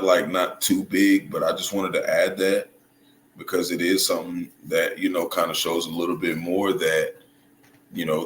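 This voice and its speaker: Low-voiced male commentator, stop-start and casual, recorded in a reverberant room with a light noise floor. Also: fairly bright tone. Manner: halting, restarts and hunts for words, checks in with "right?" and "you see?". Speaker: religious commentator. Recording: echoey room with faint noise.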